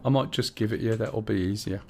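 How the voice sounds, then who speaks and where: A man's voice: fairly low pitch, brisk, vocal fry, a little mellow, faint music behind. A man streaming a game, chatting casually and talking a teammate through the controls, thinking aloud with fillers as he goes. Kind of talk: casual gameplay chat.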